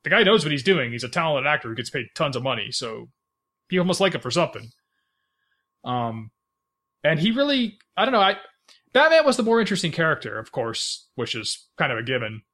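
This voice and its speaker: A man's voice: a little high, very animated, a little fast, pushed and bright. A man co-hosting a podcast, chatting casually about films, rambling with lots of fillers and restarts and laughing often. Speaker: podcast co-host. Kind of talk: casual movie chat.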